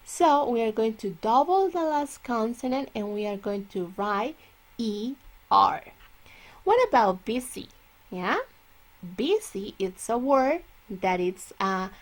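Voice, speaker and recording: A woman teaching English grammar, explaining slowly and stretching out her example words. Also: medium pitch. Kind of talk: classroom grammar lesson.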